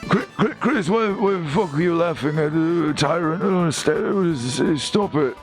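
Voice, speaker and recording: A man's voice: fairly high pitch, lively intonation, normal speed, music in the background, pitched above the performer's own voice, natural voice. A man doing an exasperated villain mastermind. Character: menacing male villain mastermind, mock-grand.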